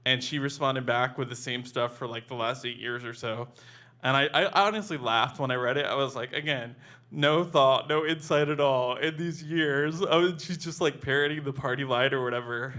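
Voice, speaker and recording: A man's voice: medium pitch, moderate pace, pushed and bright. A man telling a personal memoir story in a casual, conversational way, full of "like" and restarts.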